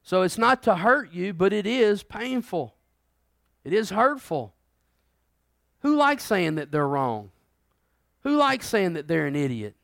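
Man preaching with loud and quiet swings. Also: sits high, sing-song, unhurried, creaky, long pauses, no echo, studio quality. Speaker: pastor. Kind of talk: sermon.

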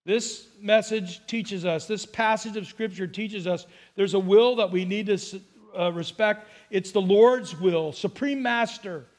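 A man's voice: high-pitched, unhurried, hardly any pauses, darkish tone. A man from Southern California preaching as a pastor, earnest and emphatic, acting out quotes as he goes. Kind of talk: sermon.

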